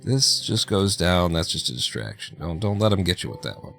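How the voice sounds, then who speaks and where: A man's voice: sits low, sing-song, a little fast, vocal fry, a bit bright, faint music behind. A man chatting casually through live gameplay, joking, laughing and talking to himself as he plays. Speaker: streamer.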